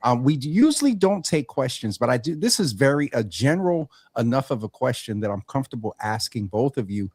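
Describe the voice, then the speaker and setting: Animated stammering male talk show host. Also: mid-range voice, brisk, few pauses, husky, dry recording. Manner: animated, stammering restarts, folksy. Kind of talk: casual health talk show.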